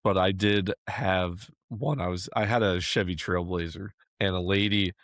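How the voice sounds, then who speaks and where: Male podcast host, lowish voice, dry close sound, rambling anecdotes. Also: fairly even intonation, normal speed, a bit bright, no room sound. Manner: chatty storyteller, laughs often, many fillers. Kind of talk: casual chat.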